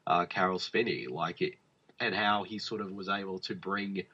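A man's voice: deep voice, fairly even intonation, moderate pace, pushed and bright, husky. A man co-hosting a podcast, rambling about films in casual chat with many fillers and restarts. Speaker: podcast co-host. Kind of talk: casual film review chat. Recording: dull lo-fi podcast audio.

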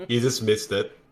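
A man co-hosting a casual movie commentary, joking and reacting to what is on screen. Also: fairly low pitch. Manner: jokey and animated. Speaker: co-host.

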